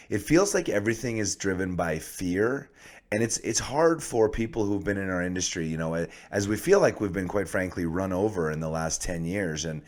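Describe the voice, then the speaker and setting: A male podcast host with a somewhat low voice. He stumbles and restarts as he works toward his questions in an easy conversational tone. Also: darkish tone. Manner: halting, with frequent restarts when posing questions.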